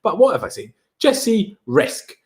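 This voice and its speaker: Speaking in a high-pitched, unhurried voice, this young man from Austria, German by first language, hosts a live stream. He's energetic and slangy, chatting casually while hyping his audience.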